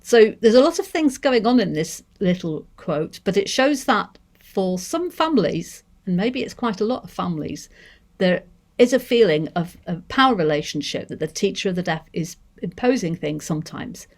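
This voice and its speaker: A woman with a Manchester accent giving a seminar talk on deaf education, measured and thoughtful, pausing to rephrase. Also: mid-range voice, sing-song. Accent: English, Manchester. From Manchester, England. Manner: measured, thoughtful, with restarts and hedges.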